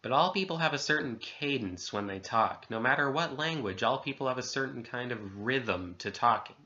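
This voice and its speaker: A man's voice: medium pitch, lively intonation, normal speed, pushed and bright, muffled recording. A man casually reading a horror story aloud, swapping swear words for letters and euphemisms as he goes. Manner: conversational, self-censoring swears with letters.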